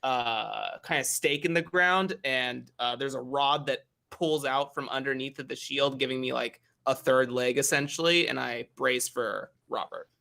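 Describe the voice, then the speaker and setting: A man playing a tabletop game, describing his character's moves quickly with many fillers. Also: medium pitch, creaky, sharp tone. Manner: fast, filler-heavy description. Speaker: player. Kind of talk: tabletop role-play chat.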